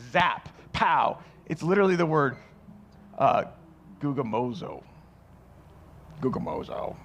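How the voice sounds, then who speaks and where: Joking conversational male pastor. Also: fairly high pitch. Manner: conversational, joking, acts out quoted voices. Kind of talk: sermon. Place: church.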